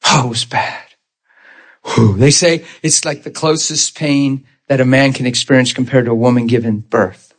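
A man's voice: mid-range voice, moderate pace. A man preaching a testimony in a conversational, storytelling way, laughing often and asking his listeners questions. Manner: animated, laughs often, acts out quoted voices; conversational, rhetorical asides to listeners.

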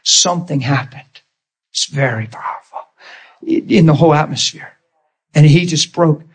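Husky high-voiced male preacher. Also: moderate pace. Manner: animated, emotional storytelling. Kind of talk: sermon storytelling.

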